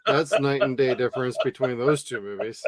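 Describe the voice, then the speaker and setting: A man in his forties co-hosting a casual movie review podcast, relaxed and chatty, often agreeing with his co-host. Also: mid-range voice, brisk, background noise.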